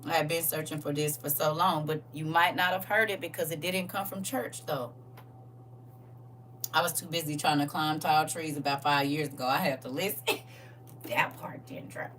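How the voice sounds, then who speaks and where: A woman's voice: sits low, fairly even intonation, moderate pace, fairly bright tone, distant mic, a little hiss or hum. A woman hosting a casual faith livestream, laughing and talking straight to her viewers while she reads their comments.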